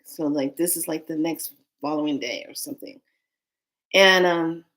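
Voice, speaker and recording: Lively woman storyteller, low-pitched. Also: normal speed. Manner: animated, acts out dialogue in other voices; drops to a hushed whisper for tense moments. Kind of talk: personal storytelling.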